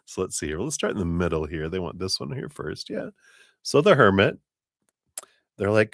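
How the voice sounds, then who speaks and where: A man reading tarot cards on a live stream, talking in a relaxed, meandering way with many fillers and now and then raising his voice to act out spirit voices. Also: moderate pace, no echo, clean studio sound. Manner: acts out spirit voices in a raised pitch, laughs often. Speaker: tarot reader.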